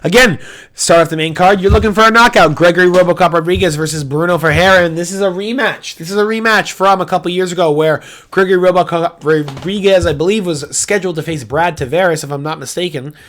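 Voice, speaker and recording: Excitable, profane young man ranting. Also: sits high, quick pace. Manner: profane, excitable, swings from loud outbursts to muttering. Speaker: MMA reaction host. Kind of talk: casual fight breakdown monologue.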